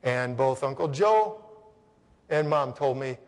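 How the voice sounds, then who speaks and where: A man from Connecticut giving an animated storytelling keynote, speaking straight to the audience and acting out the people in his story. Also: mid-range voice, slow. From Connecticut, USA. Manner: animated, acts out voices, addresses the audience directly. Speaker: motivational speaker. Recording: long reverb of a large hall.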